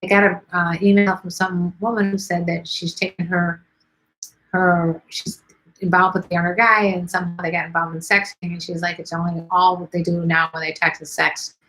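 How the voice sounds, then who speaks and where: A middle-aged woman from Chicago, hosting a casual livestream and answering viewer questions in a chatty, blunt way with many fillers, her voice going hoarse. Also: fairly low pitch, flat delivery, normal speed, fairly bright tone, rough recording. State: losing her voice.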